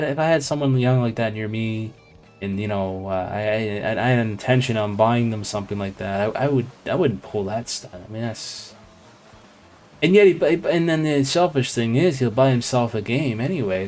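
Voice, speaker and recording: A man's voice: mid-range voice, normal speed, a little mellow, faint music behind. A man hosting a live game stream, telling a long, digressive story in casual chat while he plays. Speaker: live stream gaming host.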